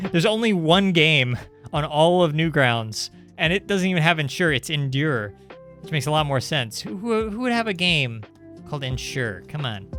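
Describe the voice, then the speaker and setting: A young man streaming indie games, chatting casually and sarcastically while reading the game's text aloud. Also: a little high. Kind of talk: casual live-stream commentary.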